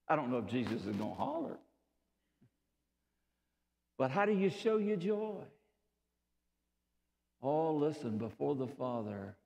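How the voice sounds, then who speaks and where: A man with a Southern US accent preaching a sermon as pastor, swinging between loud, fervent build-ups and low, quiet passages. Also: creaky. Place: church sanctuary. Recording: reverberant church hall.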